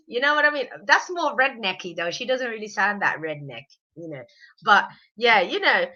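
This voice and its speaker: A woman's voice: on the high side, big pitch swings, bright, forceful tone, muffled recording. A woman with a slight cold, chatting in an opinionated way as she reviews a reality show. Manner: chatty, opinionated, quick to mock. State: has a cold. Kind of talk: casual review chat.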